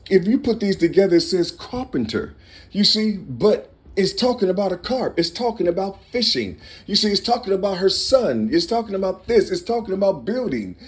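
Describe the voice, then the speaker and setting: A man in his fifties delivering an impassioned, rambling monologue, swinging between loud bursts and low mutters and repeating himself.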